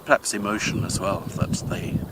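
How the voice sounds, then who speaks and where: An older man hosting a vlog, talking in a thoughtful, measured way with frequent pauses as he walks outdoors in the countryside. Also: heavy background noise. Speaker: vlog host. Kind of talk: casual explanatory talk on a walk, with a poem reading.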